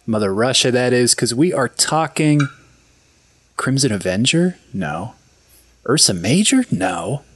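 A man co-hosting a casual podcast, trading jokes in a deadpan delivery. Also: mid-range voice, a little slow, slight background noise. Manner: deadpan and jokey. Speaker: podcast co-host. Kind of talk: casual comedic podcast chat.

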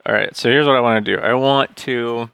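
A man's voice: medium pitch, fairly even intonation, brisk, gravelly, a bit bright, clear, resonant tone, no room sound. A man playing a tabletop game, thinking aloud and hesitating as he plans his turn. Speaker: player. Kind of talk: casual tabletop play.

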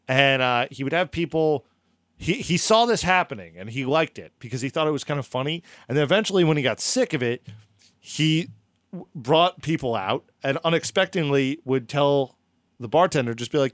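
A man telling a story in a casual, animated podcast chat. His voice sits a little high. The sound is dry and close. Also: a little fast, dry recording.

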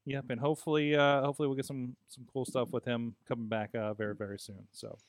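Male podcast host, mid-pitched, dry close mic, chatty and rambling with fillers. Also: little pitch movement, fast talker, no echo. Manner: rambling, laughs often, many fillers. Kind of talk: casual chat.

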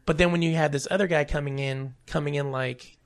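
A man's voice: on the high side, steady tone, a little fast. A young man from California co-hosting a casual podcast, telling stories animatedly, acting out quotes and laughing often. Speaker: podcast co-host. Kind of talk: casual chat.

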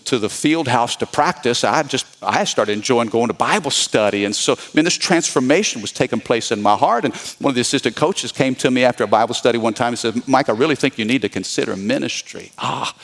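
A man's voice: mid-range voice, fairly bright tone. A man preaching a sermon as pastor, repeating his key points and calling out to the congregation.

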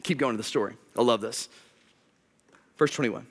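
A man preaching a sermon, animated and joking, swinging between loud emphatic peaks and low quiet asides. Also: normal speed. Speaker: pastor.

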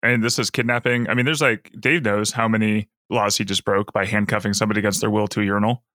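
A man's voice: fairly low pitch, flat delivery, sharp tone, dry recording. A man co-hosting a podcast, chatting casually and laughing along with the host's recap. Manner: quick reactions, laughs along. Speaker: podcast co-host. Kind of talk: casual chat.

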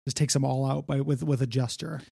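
A man's voice: medium pitch, fairly even intonation, brisk, gravelly, warm tone, slightly rough, no room sound, studio quality. A man co-hosting a casual comic book podcast, talking in a laid-back, rambling way with many fillers. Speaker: podcast co-host.

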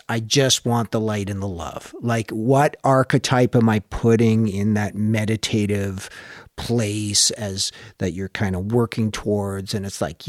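A man's voice: fairly low pitch, dry recording, clean studio sound. A man in casual conversation, talking in a reflective, searching way and swearing now and then. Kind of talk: casual chat.

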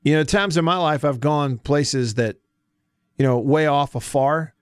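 A man's voice: on the high side, a little slow, clear, resonant tone, dry recording. A man hosting a casual sports talk radio show, with a Southern accent, folksy and chatty as he reads listener texts. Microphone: studio mic. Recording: dry studio sound.

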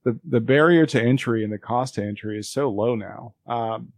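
A man's voice: mid-range voice, normal speed, no room sound. A man co-hosting a podcast in a loose, rambling way, with lots of fillers. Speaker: podcast co-host. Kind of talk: casual chat.

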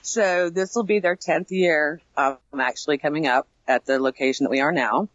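Chatty, animated woman who laughs a lot. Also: sits low, normal speed, no echo, highs cut off. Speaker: haunted attraction actor trainer. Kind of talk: casual interview chat.

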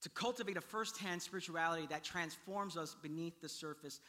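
A man in his thirties preaching a sermon as pastor, animated and building to near-shouts at the high points. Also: fairly quick.

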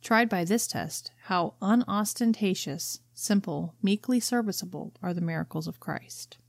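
Lower-voiced woman reading and discussing. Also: unhurried, creaky, no room sound, studio quality. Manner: reads quotes aloud then explains them plainly. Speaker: podcast co-host. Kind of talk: casual book discussion with read passages.

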